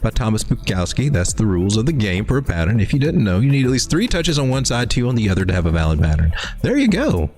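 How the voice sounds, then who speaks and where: A man with a deep, low voice hosts a casual live crypto stream, thinking aloud over the charts. His delivery is folksy and rambling, full of restarts. His pitch swings widely, and faint music plays underneath. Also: lively intonation, quick pace, hardly any pauses, a little mellow. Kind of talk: casual live market commentary.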